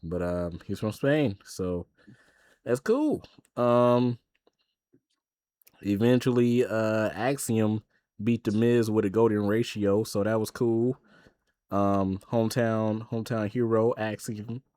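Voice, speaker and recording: A man's voice: lowish voice, takes it slowly, mellow, no room sound. A man co-hosting a podcast, casually recapping wrestling shows and retelling the promos in quoted voices. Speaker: podcast co-host.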